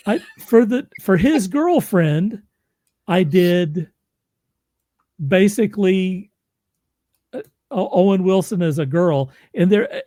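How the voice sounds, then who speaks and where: A man's voice: sits high, creaky, mellow, no room sound. Chatty laughing man, dry close sound. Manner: chatty, laughs often, trailing restarts. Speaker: audiobook narrator and host. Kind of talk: casual chat.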